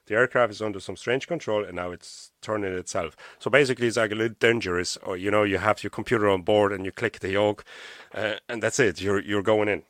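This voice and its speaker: A man's voice: lowish voice, fairly even intonation, a little fast, a bit bright, no room sound, studio quality. A man with an Irish accent hosting a podcast, reading from a diary aloud with stumbles and casual asides. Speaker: podcast host.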